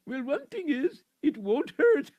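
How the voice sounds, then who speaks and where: A man's voice: very high-pitched, gravelly, no room sound, voice pushed up, exaggerated voice. A man voicing a jolly male court doctor who laughs at his own jokes and brushes patients off.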